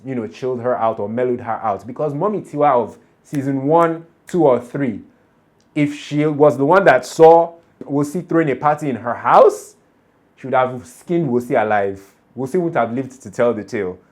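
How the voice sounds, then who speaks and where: A man's voice: mid-range voice, normal speed. Chatty man recapping a show. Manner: chatty, animated, laughs often while recapping. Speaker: TV show reaction vlogger. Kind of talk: casual episode recap and commentary.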